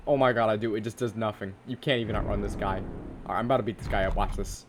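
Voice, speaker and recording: A man's voice: lowish voice, fast. A teenage boy giving casual, jokey gameplay commentary, swearing and yelping in panic when something chases him. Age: teens. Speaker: gaming content creator. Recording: game music playing underneath. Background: background music.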